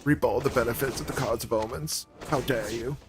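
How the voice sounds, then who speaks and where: A man putting on the voice of an indignant teenage girl activist who scolds in a shrill, repeated way. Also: brisk, over music, natural voice. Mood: scolding.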